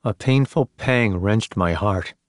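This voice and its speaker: A man reading a first-person story in a measured, subdued way. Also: fairly low pitch, no room sound, studio quality. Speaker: narrator. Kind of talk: first-person audiobook narration.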